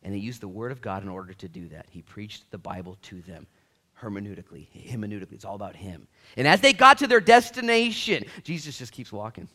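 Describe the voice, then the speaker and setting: Lively-voiced preacher, man. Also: fairly low pitch, fast. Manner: energetic, swings from loud to hushed; casual slang in preaching. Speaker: pastor. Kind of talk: sermon.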